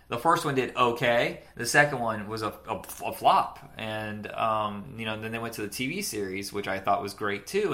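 A man's voice: on the low side, bright, forceful tone. Chatty man in his forties. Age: 40s. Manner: chatty, rambling, laughs easily. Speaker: podcast co-host. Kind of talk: casual chat about cartoons.

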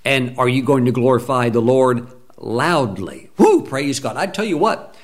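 A man preaching a sermon, fervent and emphatic, acting out quoted prayers and complainers in lively voices. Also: mid-range voice, measured pace. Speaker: pastor.

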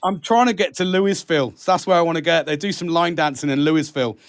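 A man's voice: fairly high pitch, fast, dry recording. A British man hosting a casual podcast, chatty, laughing often and calling his co-host mate. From Britain.

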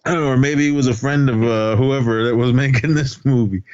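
A man's voice: medium pitch, fairly quick, darkish tone, clean tone, dry recording, dull audio. A man co-hosting a podcast, casually retelling a movie's plot in a rambling, profane way and laughing as he goes. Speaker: podcast co-host. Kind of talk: casual movie recap chat.

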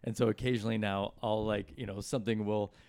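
A man's voice: on the low side, flat delivery, fast, a little mellow, clean tone, dry recording. A middle-aged man telling rambling stories in casual chat, with lots of fillers and restarts. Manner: rambling anecdotes with many fillers. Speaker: guest comedian and musician. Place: hotel room.

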